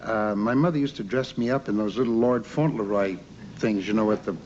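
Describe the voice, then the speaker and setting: A man's voice: on the low side, brisk, a little mellow. Older man, rambling conversational story, dull lo-fi sound, faint background hiss. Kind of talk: interview storytelling about childhood.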